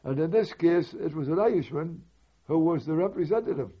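Older veteran for oral history, husky, wandering anecdotal delivery, muffled old tape sound. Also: male voice, on the high side, lively intonation, fairly quick. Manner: rambling, conversational storytelling with asides. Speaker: war veteran recalling memories. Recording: dull lo-fi recording.

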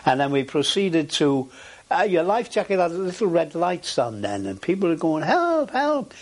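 An older man with a husky voice, recounting his experiences in a recorded interview with frequent hesitations. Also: on the high side, normal speed. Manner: animated storytelling with frequent hesitations. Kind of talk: oral history recollection.

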